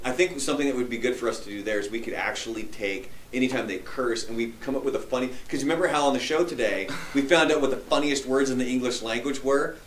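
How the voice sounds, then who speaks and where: A man hosting a radio after-show, chatting in a joking, animated way with many restarts. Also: medium pitch, fast, hardly any pauses, reverberant, slight background noise. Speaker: radio show host and voice performer. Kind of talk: casual chat. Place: radio studio.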